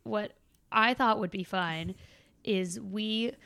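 A young woman in her twenties hosting a podcast, telling a story in a giggly, animated way. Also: mid-range voice, slow, gravelly, no echo. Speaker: podcast host. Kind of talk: casual chat.

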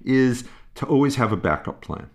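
A man explaining parenting ideas in a calm, musing way, pausing and restarting as he thinks. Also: medium pitch. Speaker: parenting expert guest. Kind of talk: conversational explanation.

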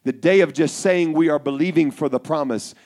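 A man preaching a Pentecostal sermon to young people, telling a story and building to shouted fervor. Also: on the high side, fairly quick.

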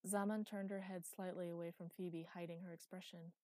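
A woman reading a fantasy story aloud in a calm, measured narration. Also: fairly low pitch, dry recording. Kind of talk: audiobook narration.

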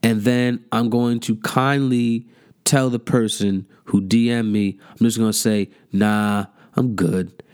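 A young man ranting in a mocking, profane comedic monologue, jumping into high incredulous outbursts. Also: little pitch movement, unhurried, clean tone. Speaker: comedic commentator.

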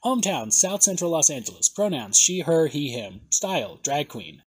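Excitable husky-voiced man podcasting. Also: on the high side, moderate pace, no room sound. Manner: excitable, swears, reads bios aloud. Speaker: podcast host. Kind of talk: casual podcast chat.

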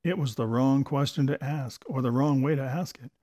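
A man's voice: medium pitch, normal speed, dark tone. A man reading a short devotional essay aloud for a story podcast, with a storytelling delivery. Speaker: podcast host and reader.

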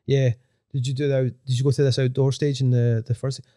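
A young man, a DJ guest, chatting casually in quick, rambling, profane talk full of fillers. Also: medium pitch, flat delivery, dark tone, no room sound, studio quality. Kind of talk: casual chat.

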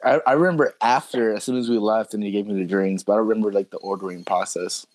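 A young man chatting casually and laughing easily, with a relaxed, profane way of talking. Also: fairly low pitch, fast. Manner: laid-back, laughing, swears casually. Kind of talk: casual chat.

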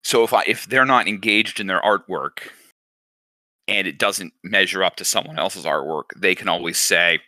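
A man's voice: low voice, moderate pace, sharp tone, dry recording. A man hosting a casual chat, talking in a reflective, encouraging way. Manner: reflective, encouraging, thinks aloud.

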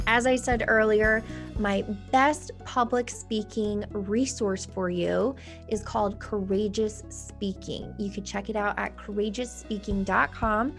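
A woman presenting on-camera tips in a relaxed, instructional tone. Her voice has a gravelly, fry-tinged texture, and she swings her pitch up and down with purposeful pauses. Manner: lively, varied inflection with deliberate pauses. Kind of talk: casual instructional talk to camera. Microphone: camera facing the speaker.

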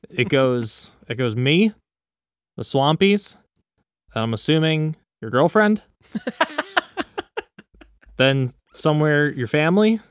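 A man's voice: on the high side, animated, slow pace, long pauses, smooth, no room sound, clean studio sound. A man co-hosting a podcast, bantering in a crude, joking, profane way. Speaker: podcast co-host. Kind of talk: casual chat.

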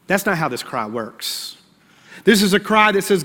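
A man preaches a sermon in a high, bright voice. He keeps it conversational, slipping into little acted prayers and asides. Long reverb from the church hall hangs on his words. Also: animated, moderate pace. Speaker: pastor.

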